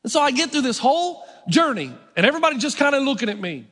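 A man's voice: extremely high pitch, big pitch swings, quick pace, a bit bright. A middle-aged man preaching a sermon as pastor, talking conversationally with self-mocking humor. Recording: long hall reverb.

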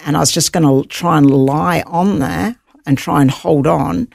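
A woman's voice: low-pitched, normal speed, creaky, darkish tone, no room sound, clean studio sound. A woman guest on an interview show, vividly retelling her own survival story. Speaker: guest, author.

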